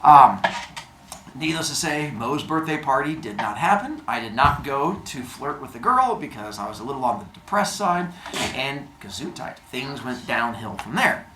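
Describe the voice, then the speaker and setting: A man telling a personal story in a casual way, acting out the other people's lines in an animated manner. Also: mid-range voice, normal speed. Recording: roomy echo, faint noise.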